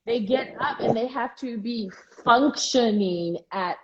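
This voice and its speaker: A woman co-hosting a casual chat, talking in quick asides with frequent restarts. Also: fairly high pitch, highs cut off, crowd noise. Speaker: co-host.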